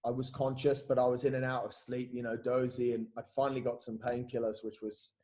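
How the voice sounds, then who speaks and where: A man's voice: mid-range voice, little pitch movement, fairly quick, darkish tone. A man telling his story as a podcast guest, casual and candid, often saying "mate", repeating words and swearing freely.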